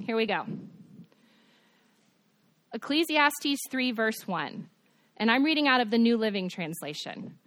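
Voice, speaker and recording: A young woman preaches to a youth group, her high voice lively as she keeps putting questions to her listeners. The sound is close and dry, with no room around it. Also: no echo. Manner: animated, asks the audience questions. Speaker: youth pastor. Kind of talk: youth sermon.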